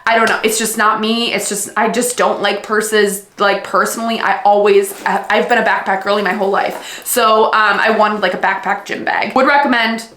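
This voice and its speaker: A woman's voice: mid-range voice, fairly even intonation, normal speed, few pauses, a bit bright, echoey room, a little hiss or hum. A young woman in her twenties chatting casually in a vlog, gushing and full of fillers as she unboxes things. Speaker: book vlogger.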